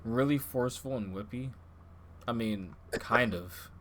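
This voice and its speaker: A man co-hosting a casual podcast, blunt and quick to swear, laughing at his own jokes. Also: mid-range voice, a bit bright, a little hiss or hum. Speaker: podcast co-host.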